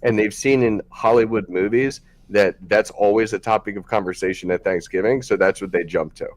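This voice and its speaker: A man's voice: on the low side, brisk. A man hosting a podcast, talking frankly in a loose, rambling way with many fillers. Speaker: podcast host. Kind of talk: casual podcast chat.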